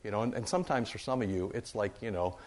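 A man's voice: fairly low pitch, fast talker, a little mellow. A man preaching to his congregation in a loose, conversational way, often repeating phrases for emphasis. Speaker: pastor. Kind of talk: sermon.

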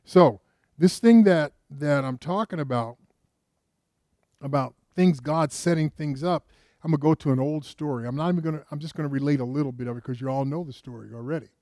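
Mellow-voiced preacher man, dry sound. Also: on the high side, a little fast, no echo. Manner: conversational storytelling with rhetorical questions; frequent restarts, rises with emphasis. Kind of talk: sermon.

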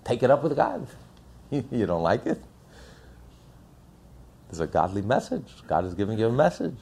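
A man preaching a religious lesson with a gravelly, husky voice. His pitch swings widely as he hammers his points home with repeated rhetorical questions. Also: sing-song, normal speed, a little mellow. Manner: emphatic, repetitive, rhetorical questions. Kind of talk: sermon.

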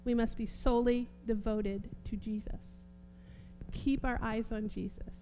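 A woman preaching a sermon, fervent, repeating phrases and swinging between soft and emphatic delivery. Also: a little high, steady tone, measured pace, slight background noise.

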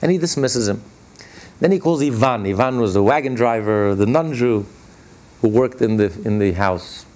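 A man teaching a religious lesson and telling stories, stressing key words with sudden jumps in pitch. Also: normal speed, a little mellow. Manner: retells stories by acting out their dialogue. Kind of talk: Torah class storytelling.

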